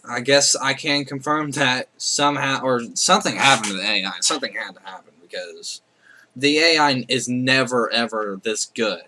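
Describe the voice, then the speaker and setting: A man's voice: medium pitch, normal speed, sharp tone. A man casually commenting on his strategy game playthrough, rambling and correcting himself with chatty asides. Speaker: let's play host.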